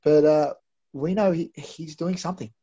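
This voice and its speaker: A man's voice: fairly high pitch, fairly even intonation, normal speed, dark tone, slightly rough. A man co-hosting a recap show, musing chattily with stammered restarts. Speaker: co-host of a wrestling recap show. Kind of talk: casual chat. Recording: slightly dull, lo-fi sound.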